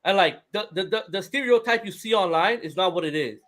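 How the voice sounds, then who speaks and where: Podcast co-host, man with a high voice who talks animatedly. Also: fairly quick. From Toronto, Canada. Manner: animated, repeats words when starting a thought. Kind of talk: casual chat.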